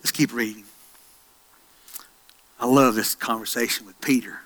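A middle-aged male pastor preaching a sermon, swinging from hushed storytelling to loud, excited passages. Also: a little high, brisk, pauses often.

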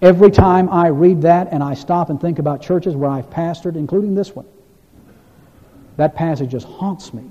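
Pastor guy preaching earnest sermon, kinda high but mellow voice, muffled lo-fi church recording. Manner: earnest preaching, reads scripture aloud with rising emphasis. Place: church sanctuary. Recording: dull, echoey church hall recording.

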